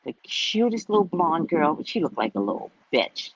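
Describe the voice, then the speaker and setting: Casual livestream host: a woman with a husky voice, dull lo-fi sound, profane storyteller. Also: low voice, very animated, moderate pace, no echo. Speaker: psychic reader and host.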